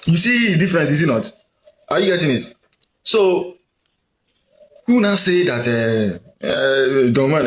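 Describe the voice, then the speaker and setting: Nigerian man, casual talker, rambling and questioning, mid-pitched voice. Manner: rambling, questioning, frequent fillers. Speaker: commentator. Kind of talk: casual monologue.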